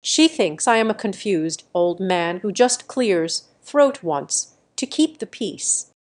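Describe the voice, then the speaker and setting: A calm old father, read by a woman narrator, speaks firmly and in measured tones. His resolve runs through a storybook reading. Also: mid-range voice. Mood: resolute.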